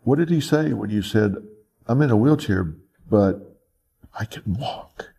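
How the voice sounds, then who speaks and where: A man interviewing calmly, asking probing questions and repeating answers back. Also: lowish voice, measured pace, vocal fry, breathy edge.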